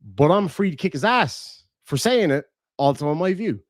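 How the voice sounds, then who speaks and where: A man's voice: on the high side, lively intonation, normal speed, no room sound, clean studio sound. Blunt, swearing Irish guy streaming. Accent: southern Irish. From Ireland. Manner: blunt and profane, chatty. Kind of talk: casual livestream chat.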